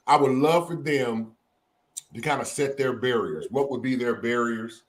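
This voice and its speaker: A man hosting an online talk show, laughing often and halting over his words. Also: mid-range voice. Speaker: host. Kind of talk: casual chat.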